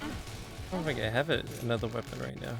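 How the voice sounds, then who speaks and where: A man's voice: mid-range voice, animated, fairly quick, creaky, over music. A man streaming a game, chatting casually, laughing a lot and repeating the game's lines. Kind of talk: casual gameplay commentary.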